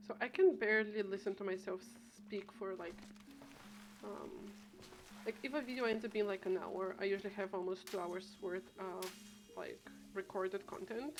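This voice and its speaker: A woman's voice: medium pitch, normal speed, faint music behind. A woman streaming a game, chatting casually and thinking aloud with many restarts and trailing thoughts. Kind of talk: casual gameplay chat. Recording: steady background noise.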